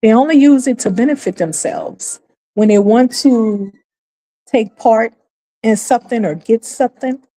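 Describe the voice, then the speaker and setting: A woman hosting her own streamed commentary, talking emphatically and stretching key phrases out slowly. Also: on the high side, mellow, poor audio. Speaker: channel host.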